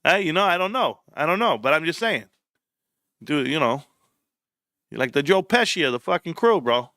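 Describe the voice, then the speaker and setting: A man's voice: a little high, big pitch swings, moderate pace, no room sound, studio quality. A man hosting a live stream in casual chat, rambling, joking and swearing a lot. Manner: profane, rambling, joking, laughs loudly.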